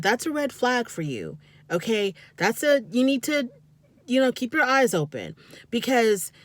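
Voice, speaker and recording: Animated woman reviewing reality TV, dry sound. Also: on the high side, no room sound. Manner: animated, scolding, talks straight to the people on the show. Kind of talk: casual commentary.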